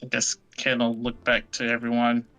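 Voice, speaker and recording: Bright-voiced male tabletop player. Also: medium pitch, monotone, moderate pace, no room sound, faint music behind, rough recording. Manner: hesitant, polite in character. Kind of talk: casual tabletop play.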